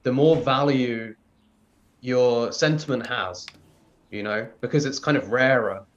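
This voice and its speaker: Hesitant man on muffled audio. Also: medium pitch. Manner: halting, hesitant. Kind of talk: casual discussion.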